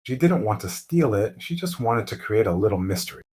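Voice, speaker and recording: A man narrating a mystery story slowly and clearly as host of a lesson for English learners. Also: fairly low pitch. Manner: calm, clear, deliberate.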